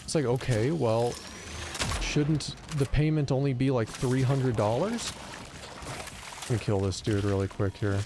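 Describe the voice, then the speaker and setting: A young man streaming a game, telling a story in an animated, profane rant and acting out both sides of a phone call. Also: mid-range voice, unhurried, long pauses, noisy background. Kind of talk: casual live-stream storytelling while gaming.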